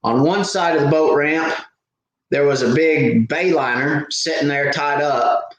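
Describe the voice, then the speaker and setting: A man's voice: on the high side, unhurried, lo-fi sound. A man hosting a live fishing Q&A stream, telling stories casually with lots of fillers and restarts. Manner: rambling storyteller with many fillers and restarts. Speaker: fishing channel host. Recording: very echoey room.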